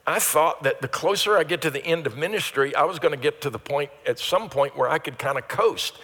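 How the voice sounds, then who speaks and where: Older male pastor, fairly high bright voice, earnest sermon with rising emphatic peaks, church hall reverb. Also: a little fast.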